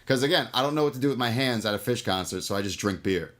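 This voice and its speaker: A man's voice: medium pitch, animated, quick pace, a bit bright. A man with a New York accent, co-hosting a podcast in casual, rambling, profane chat. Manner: rambling, self-mocking, swears freely. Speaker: podcast co-host.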